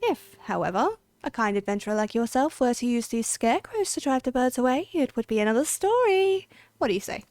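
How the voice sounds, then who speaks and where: A woman's voice: fairly high pitch, animated, fairly quick, darkish tone, no room sound, natural voice. A woman doing a jumpy, flustered scholar. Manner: flustered, breathless and wordy. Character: fussy, skittish scholar plagued by birds.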